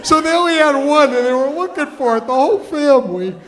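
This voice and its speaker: A man doing stand-up storytelling on stage, rambling with many stammered restarts, swinging from hushed and tender to loud and shouting. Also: very high voice, lively intonation, fast, crowd noise. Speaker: storytelling comedian. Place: stage before a live audience.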